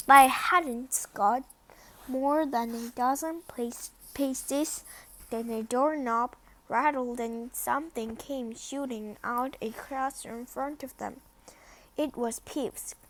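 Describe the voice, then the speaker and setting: A woman reads a storybook aloud at a slow, careful pace, sometimes dropping to a whisper. Her voice sits a little high. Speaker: reader.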